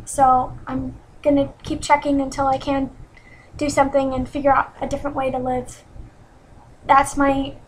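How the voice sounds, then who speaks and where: A young woman in her twenties speaks in a high voice that stays fairly level. She talks earnestly and hard on herself, stopping often with ums and starting over, in a confessional home vlog. A faint hum of room ambience sits behind her. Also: poor audio. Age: 20s. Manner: earnest and self-critical, many ums and restarts. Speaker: vlogger.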